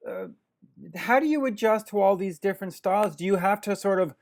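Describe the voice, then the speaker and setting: Brief: male interview host, jokey and conversational, slightly higher voice, rambling questions. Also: a little fast, darkish tone. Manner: jokey, chatty questions with many restarts. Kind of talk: casual interview chat.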